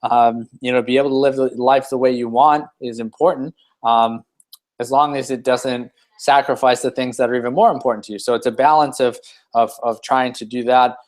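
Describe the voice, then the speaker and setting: Man in midrange pitch, casual motivational host, rambling and full of restarts. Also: fairly even intonation, brisk. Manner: rambling, many fillers and restarts. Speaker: team leader hosting a weekly hangout.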